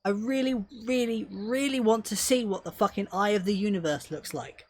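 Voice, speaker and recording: A young woman streams a video game live, giving gameplay commentary as she mutters to herself and swears freely. Her voice is mid-range and she talks at a normal speed.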